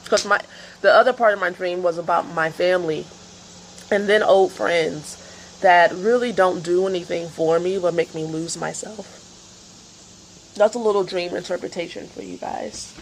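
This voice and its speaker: Woman, casual rambling tarot vlogger, low gravelly voice. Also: normal speed, slight background noise, rough recording. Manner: rambling, chatty, many fillers. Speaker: tarot reader. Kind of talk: casual astrology and tarot vlog.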